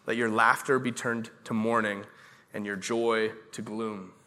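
A man preaching a sermon in a church, quoting verses slowly and asking the congregation questions. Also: on the low side, level tone, bright, forceful tone, slight background noise. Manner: preaching with audience questions, slow emphatic repeated verses. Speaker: pastor.

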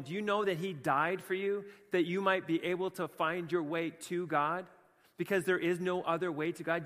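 A Canadian pastor preaching with passion, moving between hushed, quiet stretches and emphatic, fired-up bursts. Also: male voice, fairly high pitch, big-room sound. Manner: impassioned, swings from hushed to emphatic. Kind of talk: sermon.

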